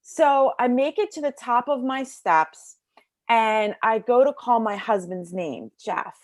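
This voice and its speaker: A middle-aged woman telling a personal story as an interview guest in a casual, animated way, acting out the voices of people in it, recorded in a bedroom at home. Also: fairly high pitch, unhurried, no room sound, clean studio sound. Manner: casual, lots of fillers like "like".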